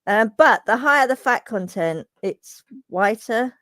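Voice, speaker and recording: A woman's voice: fairly high pitch, animated, a little slow, fairly bright tone, dry recording, studio quality. A woman hosting a game stream, telling rambling stories in casual chat and reading viewer comments aloud. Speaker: streamer host.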